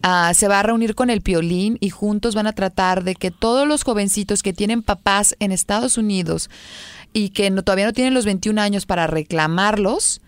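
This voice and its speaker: Smooth-voiced excited woman co-host. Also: medium pitch, quick pace, no echo. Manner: excited, switches between Spanish and English. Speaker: podcast co-host. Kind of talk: casual podcast chat.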